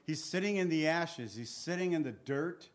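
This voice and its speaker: A man's voice: a little high, expressive, normal speed. A man teaching through a book of the Bible, reading scripture aloud, acting out its pleas and turning to his listeners with conversational asides. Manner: earnest, reads scripture aloud and acts out the pleas.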